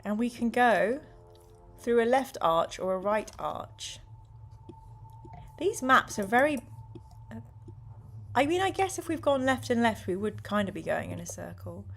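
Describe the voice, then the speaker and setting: A woman's voice: fairly high pitch, sing-song, measured pace, creaky, long pauses, soft background music. A woman hosting a live stream, reading a gamebook aloud to her chat in a playful, exclamatory way.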